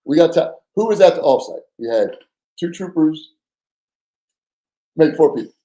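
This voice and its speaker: A former undercover agent, appearing as a guest on a podcast interview, tells a story in casual slang, animatedly acting out the voices. His fairly high voice moves at a measured pace, and the audio quality is poor.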